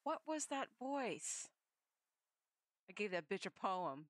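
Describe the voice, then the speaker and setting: Brief: young woman streamer, lively pitch, casual and swearing. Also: takes it slowly, dry recording. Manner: chatty, swearing, laughs, reads game lines aloud. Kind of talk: casual gameplay chat.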